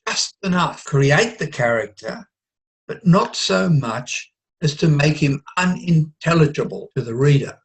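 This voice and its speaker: A man teaching novel writing in a recorded online lesson. His voice sits a little high, and he explains in a relaxed way, sometimes mimicking bits of casual conversation to make a point. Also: a little slow. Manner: explanatory, with mock overheard chatter.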